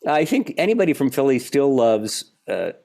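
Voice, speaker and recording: A man in his seventies from Philadelphia, a guest actor telling animated stories in an interview. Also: medium pitch, moderate pace, creaky. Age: 70s. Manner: animated storyteller, acts out the people in his stories. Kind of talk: relaxed interview storytelling.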